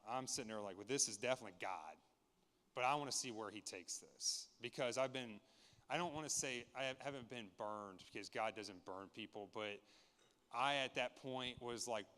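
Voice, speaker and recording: A man in his thirties speaks to a church congregation, offering an honest, heartfelt testimony and frequently starting his sentences over. His mid-range voice is a bit bright with a clean tone, carried by the long reverb of a large church sanctuary.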